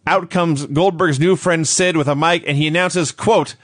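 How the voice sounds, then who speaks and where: A man co-hosting a podcast over a call from home, giving a dry, quick recap of a wrestling show. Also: fairly high pitch, steady tone, no room sound. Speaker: podcast co-host.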